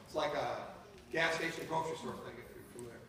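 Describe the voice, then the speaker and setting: A man in his fifties from North Dakota, telling a personal story live to an audience in an animated way, speaking to them directly. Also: on the high side, fast talker. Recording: echoey hall from far off.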